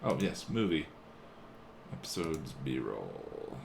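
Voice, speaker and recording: A man's voice: rumbling low, big pitch swings, takes it slowly, gravelly, a little hiss or hum. A man live-streaming his video editing, chatting casually with viewers and muttering to himself while he works at a home desk.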